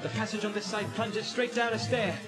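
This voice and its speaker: A man reading aloud and voicing a brave male ranger leader in an audiobook, giving tense, hurried orders. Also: sits high, little pitch movement, voice pushed up, natural voice. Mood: urgent. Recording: loud music under the voice.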